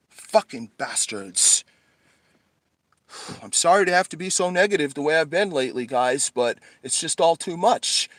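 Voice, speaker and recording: A man's voice: a little high, normal speed, a bit bright, no room sound. A man vlogging to a handheld camera in an angry rant. He swears constantly, sighs heavily, and sounds tired and shaky. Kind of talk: angry profane vlog rant.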